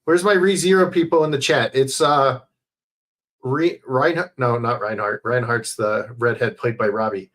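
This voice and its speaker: A man chatting casually on a livestream into a headset mic, rambling, swearing often and filling pauses with "uh". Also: medium pitch, steady tone, fairly bright tone. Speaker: streamer.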